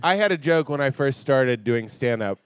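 A man's voice: mid-range voice, normal speed, smooth, no room sound. A man guesting on a live comedy podcast, telling jokey stories in casual chat. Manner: animated, jokey storytelling. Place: live stage show.

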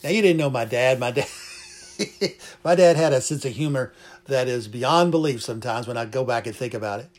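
A man's voice: mid-range voice, moderate pace. Fervent male preacher. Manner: repeats phrases for emphasis. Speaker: pastor. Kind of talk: sermon.

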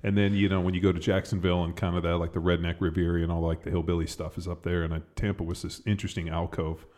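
A man hosting a casual interview, asking short, relaxed questions and chatting back. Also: low-pitched, fast. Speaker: host.

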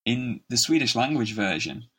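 Laid-back husky man on a podcast. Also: mid-range voice, big pitch swings, normal speed, a bit bright. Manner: laid-back, swears, laughs easily. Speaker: podcast co-host. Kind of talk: casual chat.

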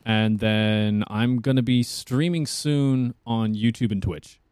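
A man's voice: on the low side, slow, a little mellow, clear, resonant tone, no room sound. Guy voice actor chatting on a podcast, laughs a lot, dry close mic. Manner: chatty, laughing, restarts often. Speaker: voice actor guest. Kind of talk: casual podcast chat.

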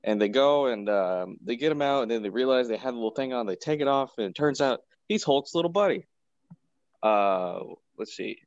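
A man's voice: mid-range voice, expressive, a little fast, dry recording, lo-fi sound. A man co-hosting a podcast, casually recapping a cartoon episode in a rambling, laid-back way with lots of filler words, over a computer mic on a video call. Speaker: podcast co-host. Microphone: home computer mic on a video call.

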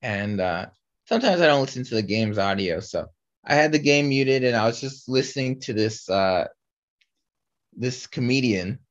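A young man co-hosts a casual podcast, rambling with lots of fillers and restarts. His voice is medium-pitched and animated at a normal speed, and the lo-fi audio sounds slightly dull.

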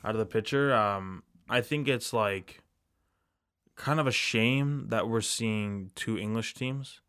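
A man's voice: on the low side, slow pace, fairly bright tone, smooth, no echo, clean studio sound. A young man co-hosting a podcast, rambling casually with lots of fillers and restarts. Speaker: podcast co-host. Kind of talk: casual chat.

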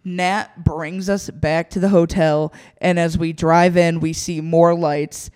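A woman telling a story in casual chat, swearing heavily and animated, often breaking into laughter. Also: on the low side, slow, clear, resonant tone.

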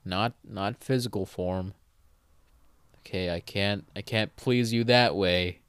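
A man's voice: on the low side, slow, fairly bright tone, clear, resonant tone, no echo. A man hosting a solo podcast, rambling casually with swearing and self-corrections, having just woken up. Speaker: podcast host.

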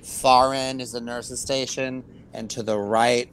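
A man's voice: medium pitch, little pitch movement, measured pace, a bit bright, rough recording. Man describing a building, faint hiss. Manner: describing places in detail, joking. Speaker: podcast co-host. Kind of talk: casual chat.

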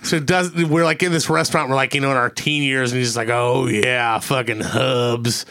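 Bright-voiced swearing podcast guy. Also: fairly high pitch, quick pace. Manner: profane, rambling storyteller. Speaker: podcast host. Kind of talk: casual podcast chat.

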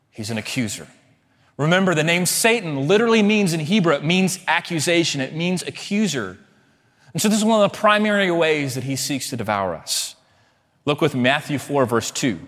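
Male pastor, dynamic sermon delivery, church hall with a long reverb tail. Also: on the high side. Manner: dynamic preaching, swings between loud emphatic and hushed. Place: church sanctuary.

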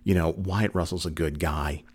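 A man's voice: low voice, fairly even intonation, normal speed, slightly rough, dry recording. A man giving a casual spoken review, rambling and repeating himself with lots of fillers, and acting out quoted lines now and then. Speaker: show reviewer.

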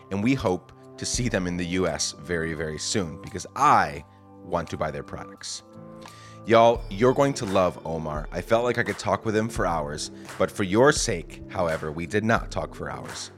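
Over soft background music, this podcast host talks in a low voice with lively intonation at a moderate pace. He sounds groggy, as if it's morning, and keeps the conversational interview jokey, casual and self-deprecating.

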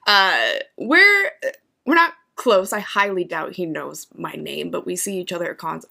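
A woman's voice: fairly low pitch, measured pace, vocal fry. A woman co-hosting a casual chat, telling stories with lots of laughter and acted-out reactions. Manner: animated, laughs often, acts out her own reactions.

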